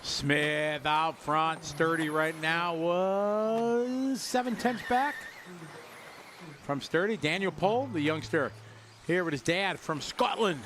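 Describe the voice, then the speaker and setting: A man's voice: a little high, slow, fairly bright tone, a little hiss or hum. A man from Wisconsin giving chatty, upbeat live race commentary and greeting viewers. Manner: chatty, upbeat, jokes with chat and co-host.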